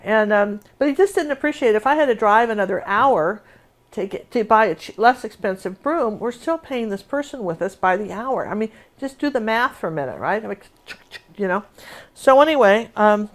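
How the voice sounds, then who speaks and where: A woman's voice: medium pitch, lively intonation, moderate pace. Chatty woman painting instructor, talks through her demo with rambling asides.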